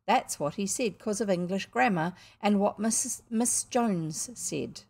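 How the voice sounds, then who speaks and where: A woman voicing a mischievous, defiant schoolboy in a storybook reading, answering innocently and shouting gleefully. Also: mid-range voice, takes it slowly, gravelly, exaggerated voice. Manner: cheeky, excited shouting.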